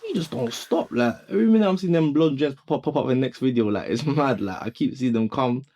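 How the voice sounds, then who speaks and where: Brief: young guy, gravelly and dark-toned, slangy rambling podcast chat in a studio. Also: mid-range voice, expressive. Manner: slangy, rambling, quick restarts. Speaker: podcast co-host. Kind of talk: casual chat.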